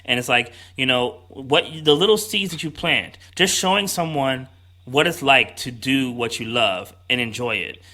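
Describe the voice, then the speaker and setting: Male host, mid-range, bright tone, thoughtful and trails off. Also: mid-range voice, normal speed. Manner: reflective, often trailing off quietly at sentence ends. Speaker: podcast host. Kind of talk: casual chat.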